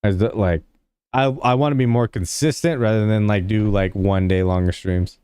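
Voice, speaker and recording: A man's voice: on the low side, moderate pace, mellow, clean tone, dry recording, studio quality. A young man casually chatting with his livestream viewers, rambling and filling his talk with "like". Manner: rambling, heavy use of "like" fillers; laid-back, talks to chat.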